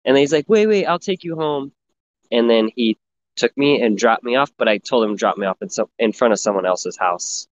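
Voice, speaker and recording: A man's voice: lowish voice, steady tone, a little fast. A young man in casual crude chat, telling stories and mocking himself. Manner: storytelling, self-mocking. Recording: dull lo-fi sound, faint noise.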